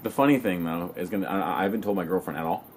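A young man talking casually to his camera in a relaxed, slangy way, swearing now and then. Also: low voice, very fast, slight background noise. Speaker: vlogger. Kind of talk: casual vlog talk to camera.

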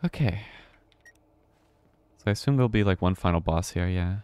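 A man with a somewhat low voice plays a horror game on a live stream and keeps up a running, casual commentary. He reacts out loud to each turn of the game. He sounds like he is talking into a desk mic at home. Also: animated, normal speed, smooth, no room sound. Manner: chatty, reacts aloud to the game.

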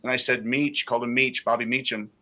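Male guest, bright forward voice, heartfelt personal testimony. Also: mid-range voice, steady tone, quick pace. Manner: heartfelt storytelling.

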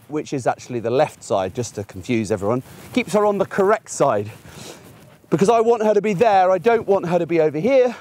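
Out in a field beside a fence, a middle-aged gundog trainer talks through puppy training in a chatty way, drawing on everyday examples. His voice is high and a little mellow.

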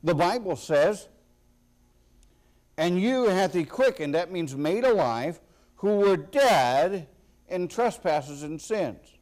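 A man preaching a sermon as a pastor, slow and deliberate with sudden loud emphatic bursts. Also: high-pitched, expressive.

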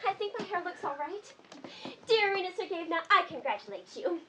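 A woman's voice: extremely high pitch, very animated, a little fast. An actress playing an awkward, giggly young woman who is flustered and embarrassed. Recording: noisy background.

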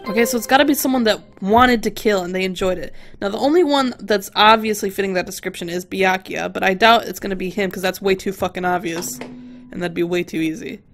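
A woman's voice: mid-range voice, a little fast, fairly bright tone. A woman playing a video game, reading its text aloud and reacting emotionally, swearing and bursting into screams. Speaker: let's player. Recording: background game music.

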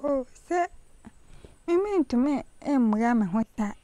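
A woman answering interview questions outdoors in a soft, hesitant way. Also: high voice, animated, slow pace, no echo. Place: outdoors in a forest.

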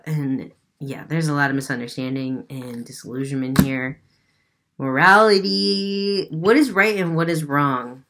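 A woman's voice: deep voice, a bit bright. A woman giving a casual tarot reading with an unusual accent, chatty and loose, swearing now and then. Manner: chatty, swears, laughs at herself. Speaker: tarot reader.

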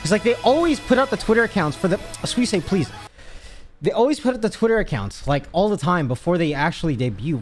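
A young man talks casually on a livestream, his voice high and lively, leaping up and down as he rants. He swears freely and sounds exasperated with his chat. Faint music plays underneath. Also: fairly quick. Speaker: streamer.

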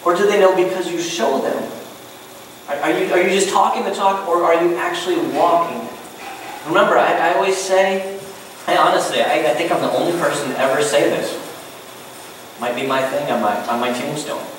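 Male pastor, high voice, casual questioning sermon, booming church echo, a little off-mic. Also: normal speed, fairly bright tone. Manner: conversational, asks the room many questions. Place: church sanctuary. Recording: very echoey hall, voice a bit distant, faint noise.

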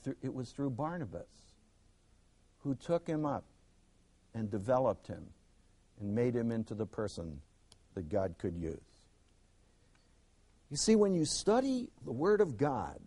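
In a medium-pitched voice, a man delivers a theatrical Bible lesson, shifting between booming emphasis and near whispers. He performs the voices of the characters whose words he quotes from the stories.

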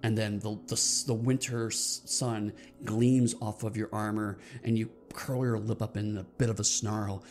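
A gravelly-voiced man running a tabletop role-playing game. He narrates the action and explains the rules in a loose, rambling way, restarting his sentences, with faint music behind him. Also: fairly low pitch, level tone, moderate pace, few pauses, a little mellow. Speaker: game master.

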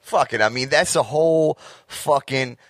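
A man's voice: mid-range voice, moderate pace, no room sound. A young man co-hosting a podcast in crude casual banter, laughing often and swearing, with a slight slur. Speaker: podcast co-host.

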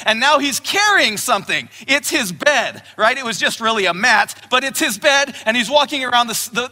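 Male pastor, sermon delivery, very bright, animated pitch, emphatic. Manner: emphatic preaching, quotes scripture in raised voice. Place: church hall. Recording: long hall reverb.

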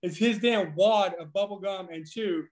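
A man in his thirties, a former pitcher guest on a podcast, telling profane, animated stories with frequent laughing. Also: normal speed. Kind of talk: casual storytelling.

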